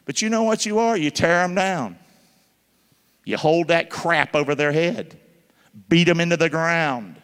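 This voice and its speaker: Male pastor, high tense voice, emphatic call-and-response preaching, reverberant hall. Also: unhurried, long pauses, fairly bright tone, smooth. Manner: call-and-response questions to the congregation; emphatic, spells words out letter by letter. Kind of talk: sermon. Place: church.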